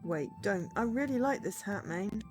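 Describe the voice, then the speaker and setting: A woman voicing a lazy, rude spirit thief in a game, speaking in a low, insolent drawl. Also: lively intonation, moderate pace, a little mellow, faint music behind, close to an everyday voice.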